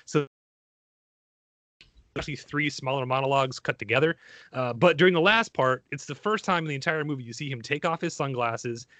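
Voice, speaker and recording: Bright-voiced, rambling male podcast host. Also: medium pitch, brisk, no echo. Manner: enthusiastic, rambling, self-deprecating. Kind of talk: casual podcast chat.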